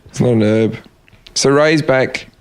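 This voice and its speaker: A man's voice: mid-range voice, a little slow, clear, resonant tone. A man with an Australian accent, co-hosting a podcast with blunt, teasing questions and crude casual banter. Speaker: podcast co-host.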